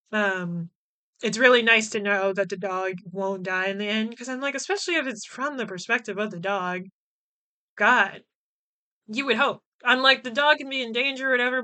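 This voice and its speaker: A woman hosts her own podcast in a loose, chatty way, laughing often and filling gaps with "um" and "like." Her voice sits a little high and rings bright and sharp. Every word comes through clean and crisp. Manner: chatty and animated, laughs often, many fillers. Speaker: podcast host. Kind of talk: casual podcast chat recapping a film.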